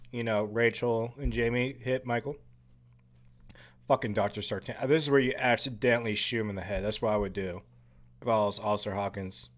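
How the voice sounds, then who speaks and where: A man giving casual, profane commentary over a horror film, excitable and full of jokey asides. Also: mid-range voice. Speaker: movie commentary host.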